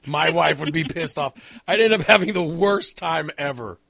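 Rambling bright-voiced man telling a story. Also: on the high side, normal speed, vocal fry, no echo. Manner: rambling storytelling with many fillers and restarts. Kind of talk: casual chat.

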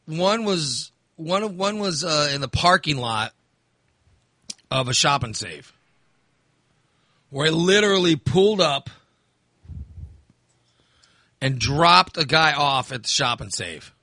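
Animated storytelling man, bright voice. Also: a little high, a little slow, pauses often, no echo, clean studio sound. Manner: animated storyteller, acts out voices, swears freely. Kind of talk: casual storytelling chat.

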